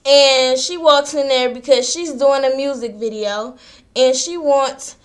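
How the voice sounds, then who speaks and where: A high-voiced woman, chatting through a reality show recap. She talks loosely and slangily and slips into quoted voices as she retells the scenes. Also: unhurried. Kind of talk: casual episode recap.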